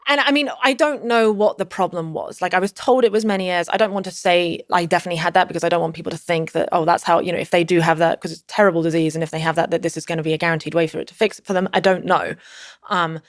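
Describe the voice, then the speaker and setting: Low-voiced woman telling a rambling story. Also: steady tone, fast talker, no echo, studio quality. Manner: rambling, frequent "like" fillers and restarts. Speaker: podcast guest. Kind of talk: casual storytelling in conversation.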